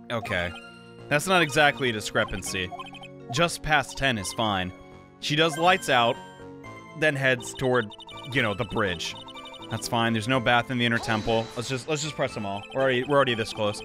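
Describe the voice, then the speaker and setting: A man's voice: mid-range voice, moderate pace, over music. A man giving casual, joking let's-play commentary over a game. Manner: loose, slangy, joking to himself. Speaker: gaming YouTuber.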